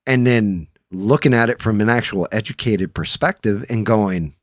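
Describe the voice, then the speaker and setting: A man with a low voice tells a long story on his own chat show. He swears freely and his voice climbs when he gets worked up. The sound is dry and close. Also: moderate pace, no echo. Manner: profane, storytelling, animated when riled up. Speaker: podcast host. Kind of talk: casual chat.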